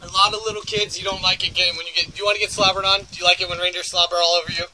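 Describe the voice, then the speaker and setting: A man's voice: high voice, little pitch movement, very fast, poor audio. A man leading a reindeer farm tour outdoors, giving joking, teasing instructions and laughing often. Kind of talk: joking instructional talk to visitors. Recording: outdoor tour with crowd audible. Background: group of visitors.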